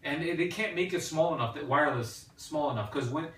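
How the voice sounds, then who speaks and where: A man's voice: fairly high pitch, a little fast, a bit bright. A man hosting a podcast, chatting casually about tech and hesitating often with fillers and restarts. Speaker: podcast host. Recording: echoey room, distant mic, faint hiss.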